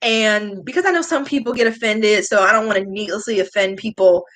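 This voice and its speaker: A young woman hosting a long livestream, chatting casually and answering viewer comments with candid, animated reactions. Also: fairly quick, rough recording. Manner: chatty and candid, swings up high when greeting viewers. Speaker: beauty vlogger hosting a livestream.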